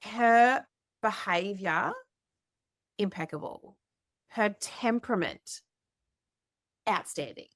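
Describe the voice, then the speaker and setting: A woman hosting a podcast, telling a story in a chatty, animated way with lots of fillers. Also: medium pitch, slow pace, pauses often, dry recording, clean studio sound. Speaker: podcast host. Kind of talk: casual storytelling chat.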